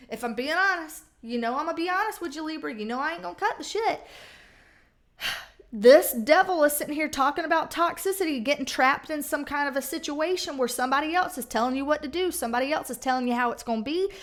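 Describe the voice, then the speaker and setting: A woman with a high voice reads tarot cards for her viewers in a loose, chatty way. She is blunt and salty, and she swears freely as she talks it through. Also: fast. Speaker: tarot reader. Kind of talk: casual tarot reading.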